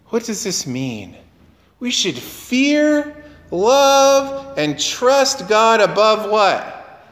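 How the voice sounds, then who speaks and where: Male pastor, sermon, unhurried delivery, big echoing church. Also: sits high, big pitch swings, a bit bright. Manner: conversational, quizzes the congregation, acts out quoted dialogue.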